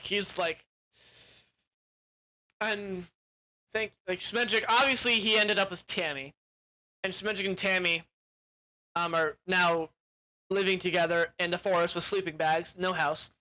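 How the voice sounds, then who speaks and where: A young man with a bright, edgy voice talks through a movie plot in a loose, rambling way. He is crude and casual, and he strings his thoughts together with "like" and restarts. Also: high voice, steady tone, normal speed, long pauses. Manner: rambling, crude, with frequent "like" fillers. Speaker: movie reviewer.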